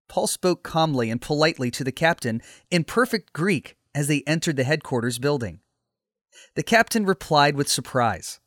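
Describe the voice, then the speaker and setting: A man narrating a scripted story in a steady, measured way. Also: on the high side, no room sound, clean studio sound.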